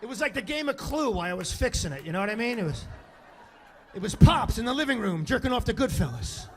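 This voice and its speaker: A man in his fifties doing stand-up storytelling on stage, animated and profane, acting out other people's voices. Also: sits high, fast, a little hiss or hum. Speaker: stand-up comedian. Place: comedy stage before an audience.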